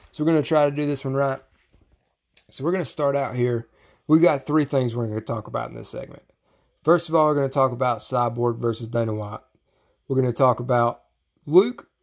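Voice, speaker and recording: A man's voice: medium pitch, a little mellow. A young man hosting a casual fight podcast, ranting with lots of profanity and getting worked up. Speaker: podcast host. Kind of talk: casual MMA podcast commentary.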